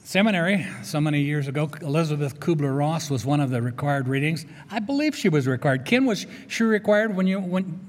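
A man's voice: fairly high pitch, animated, brisk, hardly any pauses. An older man, a chaplain, preaching a sermon in an earnest, conversational storytelling way. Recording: long reverb of a large hall.

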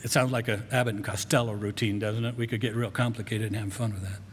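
A man preaching a conversational sermon as pastor, with frequent restarts and quick asides. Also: lowish voice, fairly even intonation, slight background noise. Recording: long hall reverb.

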